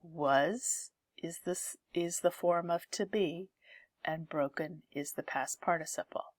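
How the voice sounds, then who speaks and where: A woman's voice: lowish voice, takes it slowly, no echo, clean studio sound. A woman teaching an English grammar lesson, explaining step by step and reading example sentences aloud.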